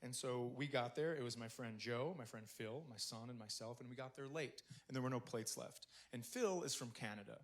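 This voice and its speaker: A middle-aged man telling a stand-up comedy story on a club stage, acting out the people in it. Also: medium pitch. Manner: storytelling, acting out characters, loud punchlines. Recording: noisy live club recording.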